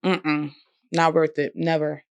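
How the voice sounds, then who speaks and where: Her deep, gravelly voice moves slowly with little pitch change as this young vlogger offers a heartfelt, conversational reflection on healing and forgiveness, dropping into laughter now and then. The tone is clean, with no echo.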